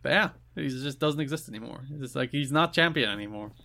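A man's voice: medium pitch, fast talker, gravelly, bright, forceful tone, a little hiss or hum. A man co-hosting a podcast, chatting casually and sarcastically about wrestling. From Ireland. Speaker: podcast co-host. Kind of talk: casual wrestling recap chat.

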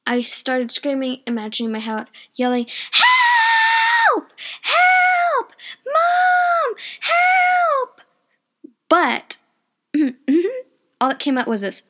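A young woman tells a story in a chatty, wandering way, often losing her thread. Her voice sits high. She talks casually from her bedroom at home. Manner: rambling, chatty, loses her train of thought. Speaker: vlogger.

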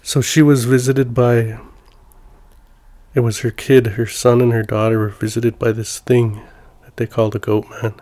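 A man's voice: medium pitch, little pitch movement, normal speed, warm tone, no echo. A man hosting a podcast and introducing an episode in an earnest, casual way, often restarting his sentences. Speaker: podcast host.

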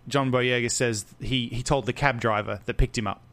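A man's voice: medium pitch, steady tone, moderate pace, a bit bright. A man co-hosting a casual podcast conversation. He rambles along with frequent fillers and restarts, in an easygoing chatty way. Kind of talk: casual chat.

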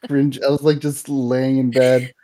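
Young male podcast co-host, relaxed dark tone, loose and filler-heavy. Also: medium pitch, a little slow. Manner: rambling, filler-heavy, animated retelling. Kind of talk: casual movie review chat.

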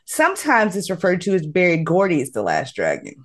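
A woman hosting a casual podcast chat, summarizing a movie in a playful, animated way with frequent laughs. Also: lowish voice, a little fast. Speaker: podcast host.

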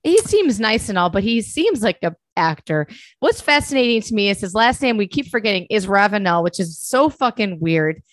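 A woman's voice: mid-range voice, sing-song, moderate pace, no room sound. A young adult woman co-hosting a casual podcast chat, blunt and joking, swearing freely. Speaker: podcast co-host.

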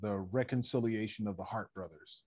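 Animated storytelling man, dry sound. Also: fairly low pitch, a little fast, husky, no echo. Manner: animated storyteller, acts out quotes, laughs often, swears freely. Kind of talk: casual chat.

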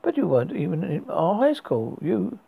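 A man's voice: high voice, sing-song, moderate pace, creaky, slightly rough, narrow, tinny audio, exaggerated voice. A man voicing a curt wealthy businessman. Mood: aloof. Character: wealthy, aloof middle-aged man.

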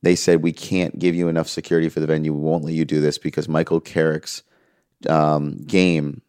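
Deep-voiced man telling an emotional story. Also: brisk, clean tone, dry recording, clean studio sound. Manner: earnest, quotes others in lively voices. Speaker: music manager, interview guest.

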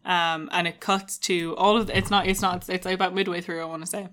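A woman's voice: fairly low pitch, flat delivery, a little fast, fairly bright tone. A woman co-hosting a podcast in casual chat, telling stories in a rambling way and laughing easily. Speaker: podcast co-host.

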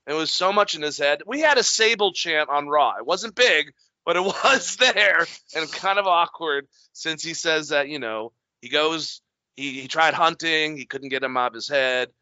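A man's voice: fairly high pitch, normal speed, sharp tone, dry recording, dull audio. A man co-hosting a podcast, casually recapping wrestling in long run-on stretches and swearing freely. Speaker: podcast co-host.

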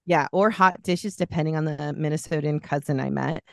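Chatty low-voiced woman with some fry. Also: brisk, dry recording. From California. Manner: chatty, animated anecdotes with laughter. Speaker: podcast co-host. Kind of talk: casual chat, storytelling.

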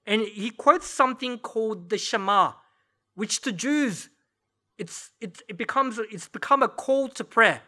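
Bright-voiced male pastor preaching. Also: sits high, measured pace. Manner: conversational, storytelling with light laughs. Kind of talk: sermon. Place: church service.

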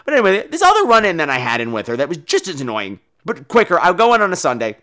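A man hosting a podcast who tells stories in a casual monologue, animated and profane. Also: fairly high pitch, quick pace. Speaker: podcast host.

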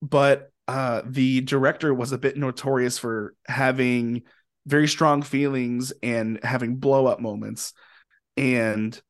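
A man's voice: mid-range voice, slow pace. Chatty young man telling a story. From Indiana, US. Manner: rambling, animated, swears freely. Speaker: podcast guest, musician. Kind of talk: casual storytelling.

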